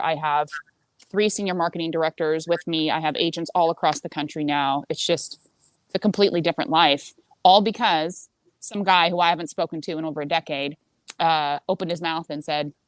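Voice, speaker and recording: A woman in her forties telling a story as a podcast guest, blunt and animated, swearing freely. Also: lowish voice, no room sound. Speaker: senior marketing director. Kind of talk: casual storytelling chat.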